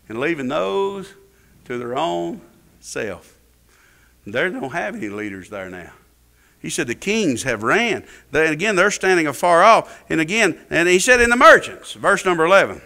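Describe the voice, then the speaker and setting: A male pastor, preaching a fervent sermon that swings between loud peaks and low asides. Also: big pitch swings, unhurried.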